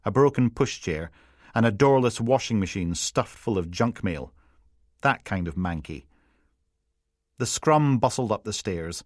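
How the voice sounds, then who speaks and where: A man's voice: fairly low pitch, no echo, studio quality. A man narrating a crime thriller audiobook in a wry, descriptive storytelling manner.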